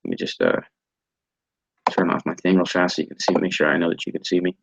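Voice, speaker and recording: A man teaching an online training class over a video call, halting and often repeating words as he restarts his sentences. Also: sits low, very animated, gravelly, a bit bright, no echo, poor audio. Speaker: instructor.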